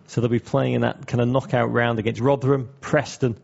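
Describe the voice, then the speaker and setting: A man co-hosting a podcast, chatting with wry, quick-witted banter. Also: mid-range voice, level tone, vocal fry, darkish tone, lo-fi sound. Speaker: podcast co-host. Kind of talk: casual chat.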